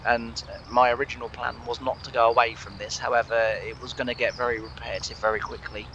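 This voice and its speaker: Gravelly English man with a sore throat. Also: medium pitch, little pitch movement, quick pace, sharp tone, highs cut off, a little hiss or hum. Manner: rambling, many fillers and restarts. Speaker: gaming channel host. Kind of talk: casual let's play commentary.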